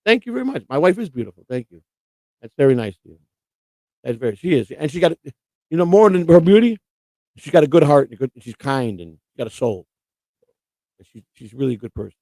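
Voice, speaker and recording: A man's voice: a little high, big pitch swings, brisk, pauses often, darkish tone, no echo. A middle-aged man hosting a live stream, rambling and combative in casual chat. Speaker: livestream host.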